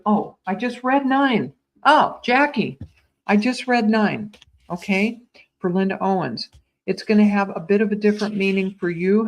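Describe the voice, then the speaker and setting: A woman giving live psychic readings, speaking in a tender, soothing way with gentle repetitions and small stumbles, calling viewers sweetheart. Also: medium pitch. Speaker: psychic medium.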